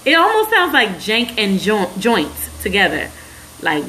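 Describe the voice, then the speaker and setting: A woman's voice: mid-range voice, huge pitch swings, unhurried, bright, forceful tone, poor audio. Woman host, chatty and rambling livestream talk, mid-range voice, faint hiss behind. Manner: chatty, laughing, drifts off topic. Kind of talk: casual livestream chat reading viewer comments. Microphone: phone.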